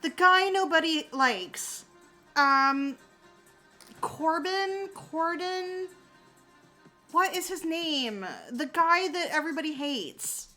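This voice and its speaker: A woman chatting casually with her live-stream viewers, her voice high and bright with a sharp edge. She swoops widely up and down in pitch, takes her time, and swears freely as she addresses the chat directly. Soft music plays faintly behind her. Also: slow pace. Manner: animated, swears freely, talks straight to chat.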